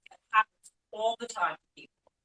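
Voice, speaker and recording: Bright, lively woman talk-show host. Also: on the high side, normal speed, low-quality recording. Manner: animated, playful, acts out quoted voices. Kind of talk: casual interview chat.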